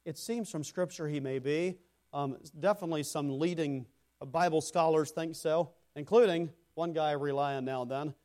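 A man preaching a sermon to a congregation. He builds to loud emphatic phrases, then drops into quiet, low asides, and addresses listeners by name. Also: normal speed. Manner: speaks to congregation members by name. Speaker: pastor.

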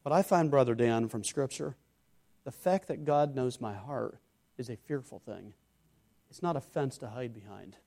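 A man preaching a sermon, moving between loud exhortation and hushed earnest tones, acting out imagined questioners and their replies. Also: medium pitch, moderate pace, creaky.

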